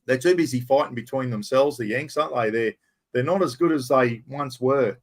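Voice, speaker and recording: A man's voice: mid-range voice, normal speed. An Australian man hosting a casual livestream chat, rambling and blunt, often calling his viewers mate. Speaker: livestream host.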